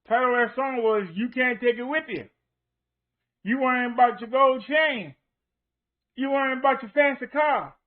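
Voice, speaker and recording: Man, minister, high-pitched, tinny phone-like sound, emphatic repeated questions. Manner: emphatic, repetitive rhetorical questions. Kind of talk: online preaching show.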